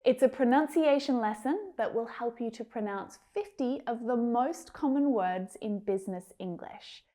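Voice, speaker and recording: A woman with an Australian accent teaching English pronunciation in a scripted lesson. She enunciates single words clearly and carefully and speaks directly to her learners in an encouraging way. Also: a little high, lively intonation, normal speed, warm tone.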